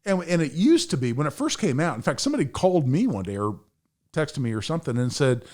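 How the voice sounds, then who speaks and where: Animated, profane storytelling man. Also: fairly high pitch, fast talker. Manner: profane, emphatic, acts out voices in anecdotes. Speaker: podcast guest, firearms attorney.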